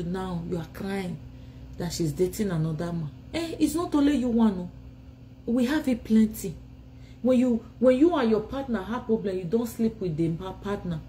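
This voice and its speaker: A woman's voice: mid-range voice, moderate pace, mellow, slight background noise, rough recording. A Nigerian woman ranting in a phone live video from home, scolding and insulting her rivals while tired and sleepy. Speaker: vlogger.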